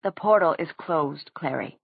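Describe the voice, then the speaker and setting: A woman voicing a flamboyant male warlock who explains in a soft, measured way, in a dry, tinny recording. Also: low-pitched, creaky, slightly rough, no room sound, heavily acted. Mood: patient. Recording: dry, tinny phone-like sound.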